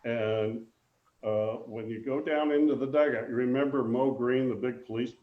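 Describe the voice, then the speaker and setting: An older man, a former ballplayer, telling animated stories in a casual interview, acting out the voices he quotes. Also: medium pitch, moderate pace, roomy sound, phone-quality sound. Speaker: guest, former baseball player.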